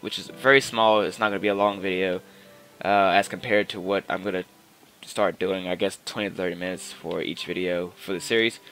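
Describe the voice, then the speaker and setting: A man's voice: lowish voice, fairly bright tone. A man giving rambling, casual gameplay commentary into his own microphone, full of fillers and restarts. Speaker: gaming channel host. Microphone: personal microphone.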